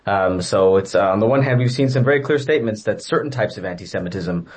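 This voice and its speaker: A man with a fairly low voice answers interview questions as an educator. He lays out his points in order and pauses often with uh and um. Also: a little mellow. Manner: measured, many fillers. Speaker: guest commentator, educator.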